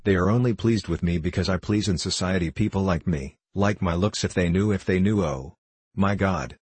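A man's voice: low voice, moderate pace, a little mellow, husky, no room sound. A man voicing a bitter, distraught young woman haunted by her past. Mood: anguished.

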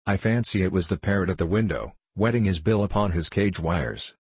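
A man's voice: low-pitched, brisk, husky, dry recording. A man reading the part of a royal courtier in an audiobook, with a placating manner. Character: fawning male royal courtier.

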